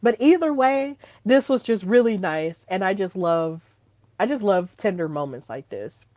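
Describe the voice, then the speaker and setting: A woman hosting her own podcast in casual solo chat, gushing and excitable, breaking into squeals when thrilled. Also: mid-range voice, unhurried, dry recording. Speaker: podcast host.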